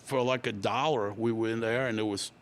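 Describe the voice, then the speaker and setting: A man in his sixties from Louisiana, a guest musician telling stories in a relaxed interview, rambling along unhurriedly with many fillers. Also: on the low side, brisk, slight background noise.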